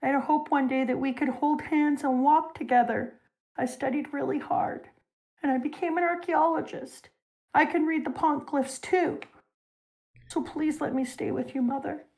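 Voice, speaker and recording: A woman doing a tearful young girl, high voice. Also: fairly even intonation, normal speed, darkish tone. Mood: pleading. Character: young girl begging her lost mother.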